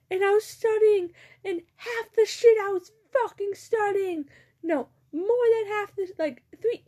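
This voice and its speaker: A woman's voice: very high voice, darkish tone. A teenage girl chatting casually to camera, rambling and swearing, with giggles and a numb mouth from dental work. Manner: rambling, profane, giggly storytelling. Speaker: vlogger. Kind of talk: casual chat.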